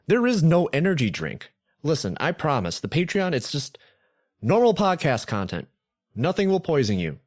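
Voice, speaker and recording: A man's voice: on the high side, huge pitch swings, moderate pace, darkish tone, no echo, clean studio sound. A man hosting a game podcast, talking casually with wry, self-deprecating asides. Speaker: podcast host. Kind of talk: casual commentary.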